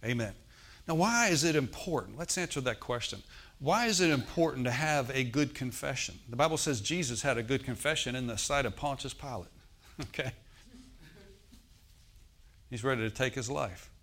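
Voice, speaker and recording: Expressive and a bit bright, a medium-pitched man preaches as pastor at normal speed, often pausing. He narrates stories, voicing the characters himself, and draws amens from the congregation.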